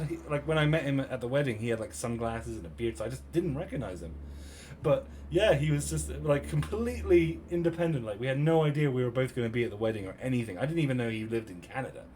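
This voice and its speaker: A man from Cornwall in his thirties with a British accent, casually telling a story to his stream chat in an animated, chatty way. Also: mid-range voice, quick pace, slight background noise. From Cornwall, England. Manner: chatty, animated retelling with quoted voices.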